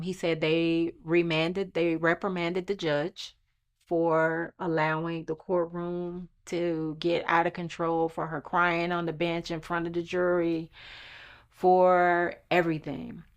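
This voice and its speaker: A woman recounting a long legal fight in an earnest, emphatic personal testimony. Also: fairly low pitch. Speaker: storyteller recounting her lawsuit.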